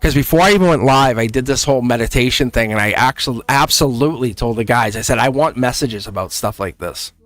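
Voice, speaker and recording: A man's voice: medium pitch, quick pace, few pauses, fairly bright tone, no echo. A middle-aged man hosting a live tarot stream in casual chat, rambling, laughing often and saying "like" constantly. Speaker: tarot reader and livestream host.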